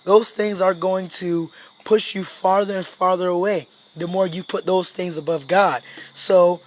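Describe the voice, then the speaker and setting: A man's voice: high-pitched, measured pace. A man giving a casual sermon, acting out little skits of people talking, with lots of "you know" and "like". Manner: animated, acts out dialogue with fillers like "you know". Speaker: preacher.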